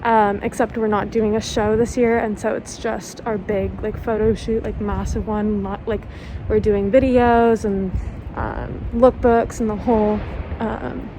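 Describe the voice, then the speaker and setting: A woman's voice: medium pitch, little pitch movement, a little slow. A young woman vlogging casually, chatty and laughing often, swearing freely. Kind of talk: casual vlog. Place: outdoors on city streets. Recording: loud outdoor street noise.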